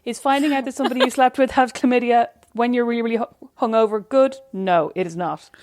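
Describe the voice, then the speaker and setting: A woman's voice: fairly high pitch, fast talker, darkish tone, faint music behind. A woman with an Irish accent, co-hosting a podcast and telling wry, self-mocking stories in casual chat. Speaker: podcast co-host.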